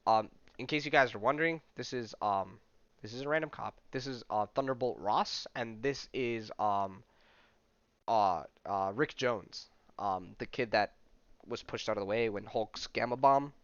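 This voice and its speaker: A man's voice: lowish voice, measured pace, a bit bright, dry recording. A man hosting a podcast, casually recapping a comic with lots of fillers, in a dull, dry recording. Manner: casual, many fillers like "he's like". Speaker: podcast host.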